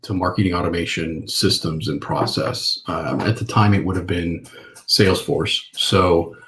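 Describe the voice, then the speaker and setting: A middle-aged man, a podcast guest, telling lively stories and acting out the phone calls he once made. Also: low voice, normal speed. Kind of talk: interview.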